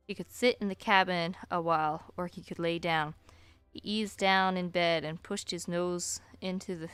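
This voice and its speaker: A woman streamer reading a story aloud at a slow, deliberate pace, with chatty asides. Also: fairly low pitch, a bit bright, smooth, no room sound.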